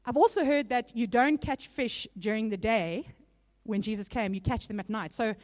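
A woman's voice: on the high side, normal speed. A woman preacher giving a sermon in a conversational way, with small laughs between points, a little nervous. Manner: warm laughing asides, conversational.

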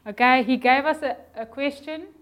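A middle-aged woman preaches in a church with a slightly high voice. She talks in a lively, conversational way and acts out small dialogues. At moments she drops her voice to a soft, near whisper. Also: moderate pace. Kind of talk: sermon.

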